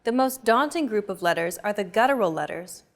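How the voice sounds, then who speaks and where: Lesson host, woman, clear measured scripted narration, medium pitch. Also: expressive.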